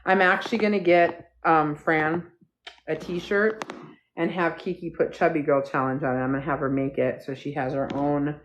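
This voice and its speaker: A woman with a low voice hosts a relaxed live stream into her phone. She rambles from topic to topic and keeps breaking off to thank viewers. Her talk is loose and chatty. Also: moderate pace, a little hiss or hum. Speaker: livestream host. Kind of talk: casual live stream chat. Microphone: phone livestream.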